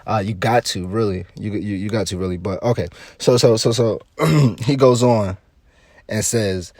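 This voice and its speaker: A man's voice: fairly low pitch, moderate pace, darkish tone, dry recording, studio quality. A man giving casual, rambling commentary on celebrity news, laughing often and repeating himself.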